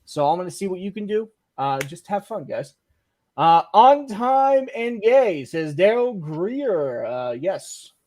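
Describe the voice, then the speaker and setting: A man hosting a live-streamed show, reading out chat messages and giving loose, joking shout-outs. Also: a little high, animated, unhurried. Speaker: podcast host.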